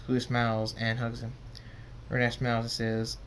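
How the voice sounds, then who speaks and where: A man reading a pony fan story aloud as narrator, halting and correcting himself as he goes. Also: medium pitch, completely flat delivery, a little hiss or hum. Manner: halting, stumbling and self-correcting.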